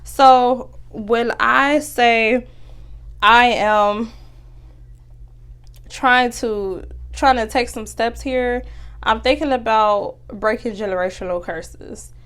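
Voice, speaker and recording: A woman's voice: fairly high pitch, takes it slowly, a bit bright, clear, resonant tone. A young woman, hosting a casual motivational talk, chatty and earnest with many fillers and restarts. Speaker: podcast host.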